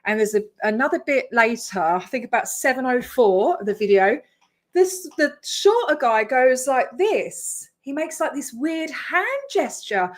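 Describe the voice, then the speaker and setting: A woman's voice: sits high, lively intonation, unhurried. An Australian woman chatting on a casual reaction stream, blunt and swearing, laughing in disbelief. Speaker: streamer reacting to her own video.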